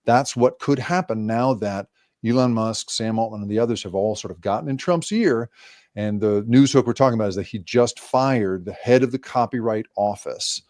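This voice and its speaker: A man's voice: fairly low pitch, moderate pace, darkish tone, no room sound, clean studio sound. A man, a guest journalist, explaining ideas at length in an interview with many restarts. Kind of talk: remote interview.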